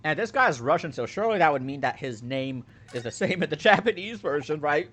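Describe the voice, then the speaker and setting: A man's voice: a little high, expressive, fairly quick, few pauses, fairly bright tone, slight background noise. A man reading and joking through a game playthrough, voicing every character himself. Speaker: let's play host.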